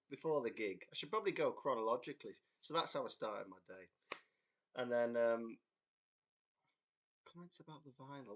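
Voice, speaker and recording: English guy in his twenties or so, rambly livestream chat, keeps laughing, mid pitch. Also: a bit bright. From England. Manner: rambling storyteller, laughs often, reads out chat comments. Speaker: band member hosting a livestream chat. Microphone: computer mic on a livestream.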